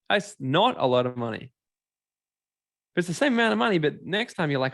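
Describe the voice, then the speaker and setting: Guy giving a motivational money seminar, gravelly voice a bit on the high side, dry close sound. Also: fast talker, no room sound. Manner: animated, acts out characters and quizzes the audience. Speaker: seminar speaker.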